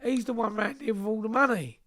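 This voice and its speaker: A man's voice: high-pitched, a little fast, fairly bright tone, voice pushed up. A man voicing a yelping, frightened man. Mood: pleading. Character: frightened man being beaten, pleading.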